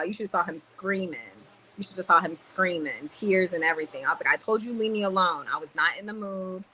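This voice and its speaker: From a store in the Dominican Republic, a livestream host with Cuban roots reads viewers' comments aloud, lively and casual, weaving Spanish words into what she says. Her voice is fairly low, and the poor-quality audio has some slight background noise.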